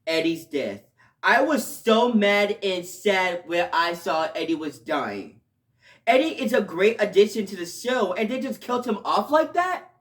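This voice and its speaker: A man's voice: high-pitched, expressive, unhurried. Emotional, rambling male show reviewer. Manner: emotional, rambling, swings from quiet to loud outbursts. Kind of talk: casual video review.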